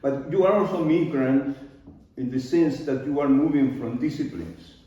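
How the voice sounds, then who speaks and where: An older Peruvian man with a Spanish-accented voice talks to an audience at an easy pace, pausing often with loose grammar. His voice is mellow and low in brightness. It is heard from across a very echoey studio, with a slightly dull sound. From Peru. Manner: unhurried, loose grammar, pauses and fillers. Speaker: artist giving a talk. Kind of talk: live talk to an audience. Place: large art studio. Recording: very echoey room from far off, dull.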